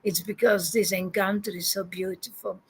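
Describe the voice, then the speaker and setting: A woman's voice: medium pitch, steady tone, normal speed, slightly rough. A woman giving an informal devotional talk as a spiritual teacher, reflective and often laughing.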